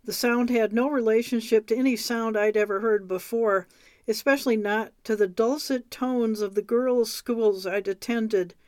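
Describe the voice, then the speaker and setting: Woman reading a memoir, fairly high voice. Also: steady tone, moderate pace, a little mellow, no echo, clean studio sound. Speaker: reader.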